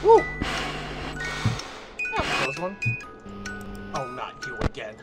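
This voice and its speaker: A man's voice: medium pitch, huge pitch swings, slow. A man doing a sarcastic, drawling anime schoolgirl. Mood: annoyed. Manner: sarcastic, bossy, laughing asides. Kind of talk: comedic voiced let's play. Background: loud game music.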